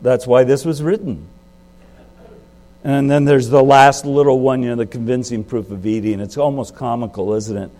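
A male pastor preaching a sermon in a conversational way. He asks his listeners questions and makes sudden jumps in pitch and loudness for emphasis. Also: steady tone, moderate pace, soft background music.

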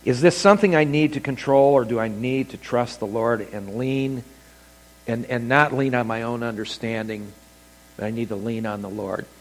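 A man preaching a sermon as pastor, telling stories with animated delivery and acting out quoted voices. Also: medium pitch, moderate pace. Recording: long hall reverb.

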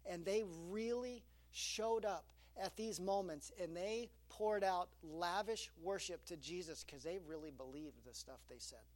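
A man's voice: high voice, unhurried, few pauses. A middle-aged man preaching a sermon as pastor, telling stories with quoted asides. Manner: animated storytelling with quoted asides.

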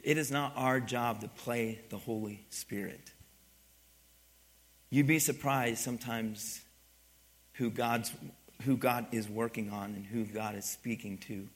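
A man preaching a sermon, moving from quiet teaching to loud, emphatic passages and asking the congregation for responses. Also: medium pitch, fairly even intonation, unhurried, pauses often. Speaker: pastor.

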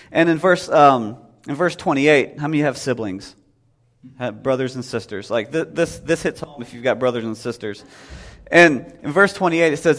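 Male preacher, thirties, chatty sermon delivery, slightly higher-pitched voice. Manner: conversational, acts out voices. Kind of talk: casual sermon.

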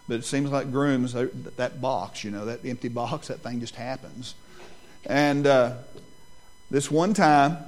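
Man preaching, kinda high voice, drops to a hush then builds up loud, slows way down on big lines. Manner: swings from soft, hushed lines to loud, rising pleas; slows down to stress key lines. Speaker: pastor. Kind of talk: sermon.

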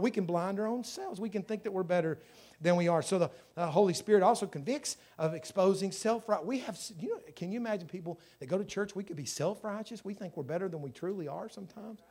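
Male pastor, high voice, fervent sermon, storytelling. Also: expressive, brisk. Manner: storytelling preacher, voices quoted people, builds to fervent loud passages.

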